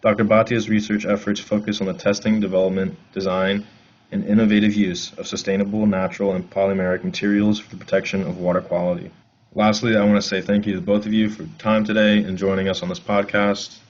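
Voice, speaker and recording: A man with a very low voice reads a guest introduction quickly and with almost no change in pitch. He sounds like a host on a dull, lo-fi recording. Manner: fast, flat reading of a bio. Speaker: podcast host. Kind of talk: read introduction. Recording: dull lo-fi audio.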